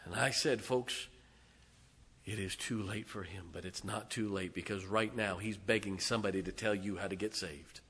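A middle-aged man, a pastor, preaching a fervent sermon. He swings from booming declarations to hushed, intimate asides. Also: fairly even intonation, normal speed, breathy edge. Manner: impassioned, emphatic preaching with repeated phrases.

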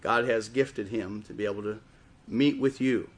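A man with a Wisconsin accent preaching a sermon, telling stories and slowing down and rising in volume for emphasis. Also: on the low side, steady tone. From Chicago area, raised in Wisconsin. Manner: storytelling preacher, swells louder and slower for emphasis. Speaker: guest preacher.

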